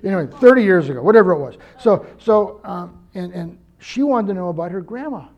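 A man's voice: high-pitched, animated, brisk, darkish tone, muffled recording. An older man preaching a conversational sermon, earnest and personal, telling stories to make his point. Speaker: pastor.

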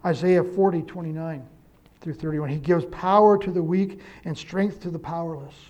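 A man preaching a sermon, quoting scripture and telling a story with lively emphasis and self-corrections. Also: a little high, normal speed, highs cut off. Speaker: pastor.

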